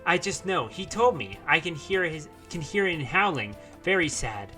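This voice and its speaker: A man voicing a gentle, wild young woman who speaks in broken, simple English. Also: fairly high pitch, very animated, normal speed, soft background music, pitched above the performer's own voice.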